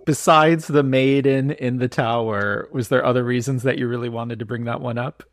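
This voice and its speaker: Gravelly-voiced man hosting a podcast. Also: medium pitch, fairly even intonation, normal speed, no echo, studio quality. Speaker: podcast host. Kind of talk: casual podcast conversation.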